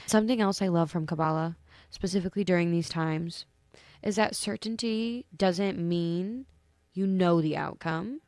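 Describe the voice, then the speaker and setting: A woman's voice: fairly low pitch, normal speed, a little mellow, dry recording. A young woman hosting a casual solo podcast, sleepy and yawning, chatting affectionately and rambling with self-corrections. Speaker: podcast host.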